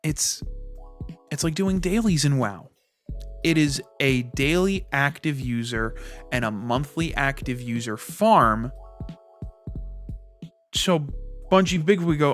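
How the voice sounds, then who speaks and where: A man ranting in a casual gaming commentary, animated and acting out quick bits of dialogue. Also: a little high, soft background music. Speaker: gaming YouTuber.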